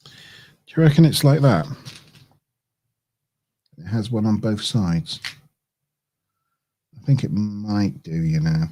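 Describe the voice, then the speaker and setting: A man's voice: fairly low pitch, takes it slowly, long pauses, dark tone. A man chatting casually on a livestream as he builds a model kit, thinking aloud, chuckling and correcting himself as he goes. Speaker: streamer.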